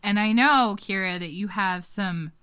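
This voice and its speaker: A woman's voice: medium pitch, measured pace, fairly bright tone, smooth. A woman co-hosting a podcast, telling stories in casual chat with a dry, teasing manner. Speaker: podcast co-host.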